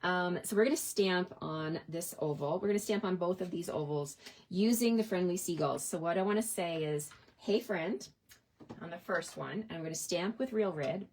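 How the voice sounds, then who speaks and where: Chatty woman demonstrating card stamping. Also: fairly low pitch. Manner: chatty, upbeat, asks "right?" often. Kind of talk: casual craft tutorial.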